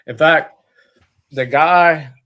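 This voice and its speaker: A man's voice: a little high, very slow, highs cut off. A man, the owner of a distillery, talking as a guest in a casual interview, rambling with many fillers and restarts.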